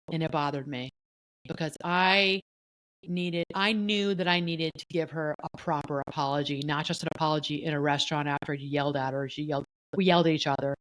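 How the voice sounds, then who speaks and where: A middle-aged woman co-hosting a podcast, telling a personal story in a candid, animated way and acting out what others said. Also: low voice, no echo, poor audio. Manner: candid, animated, often voices the people she quotes. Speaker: podcast co-host.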